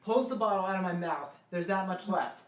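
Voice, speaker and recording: A man's voice: sits high, brisk. A young man, a guest, telling a college party story casually, with brash and profane delivery. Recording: echoey room.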